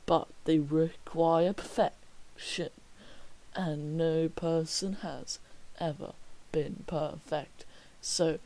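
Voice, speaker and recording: Young male student streamer: unhurried delivery with a gravelly edge. He reads schoolwork aloud with dry, half-whispered jokes. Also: a little high, dark tone, rough recording. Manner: wry, slips into whispered mock remarks. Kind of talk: reading homework aloud with joking asides.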